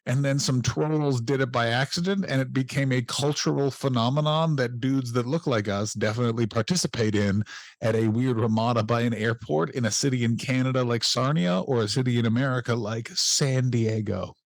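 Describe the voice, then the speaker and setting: A man's voice: mid-range voice, brisk, dry recording. A man co-hosting a casual comedy podcast, riffing sarcastically and swearing freely. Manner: profane, sarcastic riffing with mock-quoted voices. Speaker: podcast co-host.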